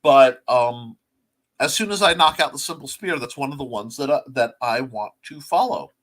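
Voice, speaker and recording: Rambling bright-voiced male host. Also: mid-range voice, expressive, normal speed. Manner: rambling, filler-heavy, many restarts. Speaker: talk show host. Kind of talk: casual livestream chat.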